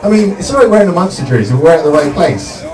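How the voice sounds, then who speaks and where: A young man from Somerset, doing a stand-up comedy set with deadpan one-liners and frequent "um" pauses. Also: a little high. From Somerset, England. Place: comedy club stage. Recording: echoey club, distant mic, loud crowd.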